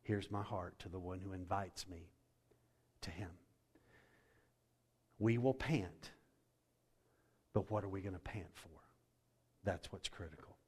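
A male pastor preaching a sermon, swinging from loud and soaring to hushed and slow. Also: sits low, fairly even intonation, slightly rough. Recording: long hall reverb.

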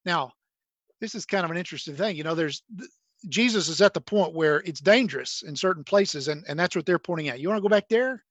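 A man's voice: a little high, fairly quick, fairly bright tone, dry recording. A male pastor preaching a sermon, reading scripture aloud and explaining it in a conversational way, with many restarts.

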